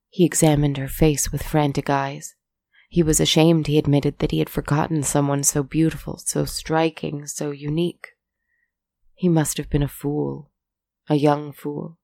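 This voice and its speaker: A woman reads a fairy tale aloud in a measured, soft-spoken manner. Her voice sits low and slow, with a gravelly texture and a dark, mellow tone, recorded close and dry. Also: level tone, no room sound. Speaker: storyteller.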